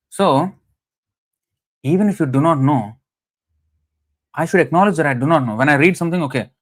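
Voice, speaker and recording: Man giving a chatty scripture talk. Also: a little high. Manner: anecdotal, chatty, frequent "you know" fillers. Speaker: scripture class speaker. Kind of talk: conversational scripture lecture.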